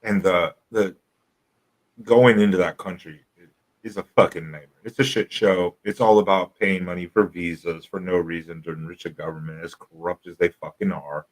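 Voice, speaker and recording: Deep-voiced rambling livestream host. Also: male voice, steady tone, normal speed, rough recording. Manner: rambling, laughing, profane storytelling. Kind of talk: casual chat.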